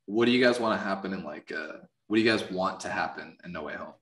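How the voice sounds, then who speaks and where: Easygoing podcast guest in an echoey room. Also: male voice, deep voice, fast. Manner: relaxed, easygoing, laughs often. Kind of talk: casual podcast chat.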